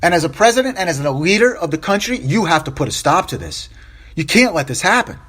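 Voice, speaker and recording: A man's voice: on the high side, big pitch swings, quick pace, fairly bright tone. A man hosting a solo opinion podcast, upset and impassioned, repeating phrases for emphasis and stumbling over restarts. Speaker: podcast host.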